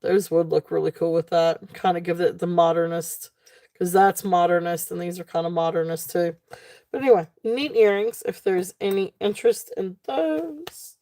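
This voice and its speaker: A woman hosting a live jewelry sale stream, talking casually with many fillers and a relaxed, tired manner. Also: fairly low pitch, moderate pace, no echo, studio quality.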